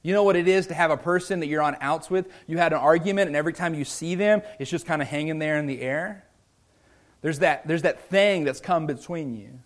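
A male pastor preaching a sermon in an earnest, conversational way, restarting phrases often and swinging from loud emphasis to quiet, low lines. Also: brisk. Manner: swells loud and high for emphasis, drops low and soft on key lines.

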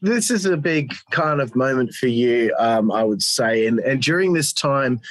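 A man's voice: medium pitch, lively intonation, measured pace, dry recording, rough recording. A man hosting a casual interview, asking long questions with many fillers. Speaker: interviewer, podcast host.

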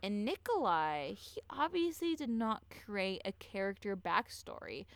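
Recorded close-up and dry with no room sound, this woman hosts a podcast and tells a true-crime story loosely, swearing often and acting out each person involved. She has a smooth, crisp, mid-range voice with a sing-song lilt and a slightly slow pace.

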